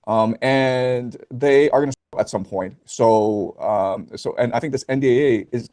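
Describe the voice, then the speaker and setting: A man speaking as a guest on a casual stream, laying out his view in a measured way with frequent ums. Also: mid-range voice, mellow. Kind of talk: casual chat.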